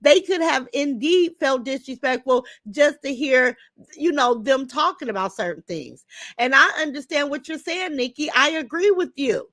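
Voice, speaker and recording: Fiery older woman with a high voice. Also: moderate pace, a bit bright, no echo. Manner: blunt, heated, swears freely. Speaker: livestream host. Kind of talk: casual livestream talk reading chat comments.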